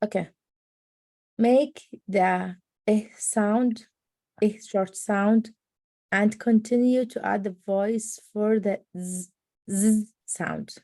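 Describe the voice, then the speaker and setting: A woman practising pronunciation, slowly and carefully repeating words and sentences. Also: medium pitch, steady tone, mellow, dry recording. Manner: slow, careful repeating and reading aloud. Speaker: language student.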